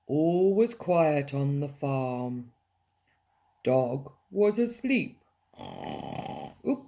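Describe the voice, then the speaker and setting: A woman reading a picture book aloud to young children in a playful, animated way, adding sound effects. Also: on the low side, a little hiss or hum. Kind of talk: storybook read-aloud for children.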